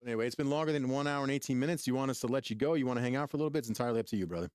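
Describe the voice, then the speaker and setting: A man from New Jersey hosting a gaming podcast, talking fast and emphatically. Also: medium pitch, darkish tone, clear, resonant tone, no room sound, clean studio sound. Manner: fast, emphatic, swears freely. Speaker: podcast host. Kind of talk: casual podcast chat.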